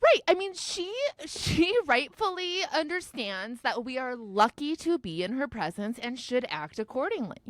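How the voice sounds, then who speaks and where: Woman podcast host, kinda high voice, bouncy chatty delivery, laughs a lot. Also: no echo. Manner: lively, emphatic, quick to laugh. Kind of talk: casual chat.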